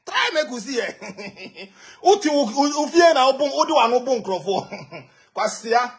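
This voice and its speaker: A Ghanaian man ranting heatedly in pidgin, taunting and shouting in bursts. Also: very high voice, breathy edge. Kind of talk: heated rant.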